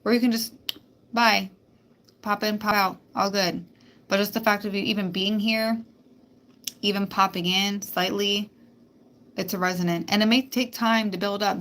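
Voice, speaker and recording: Woman doing a spiritual live stream, gravelly voice, blunt and sweary, medium pitch. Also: a bit bright. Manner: blunt, emphatic, heavy swearing. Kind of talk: casual live-stream monologue.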